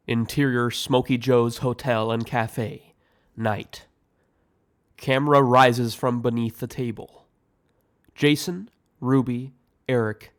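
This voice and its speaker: A man reading aloud the scene directions of his own audio screenplay in a measured way. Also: mid-range voice. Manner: slow, measured. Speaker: writer and director narrating.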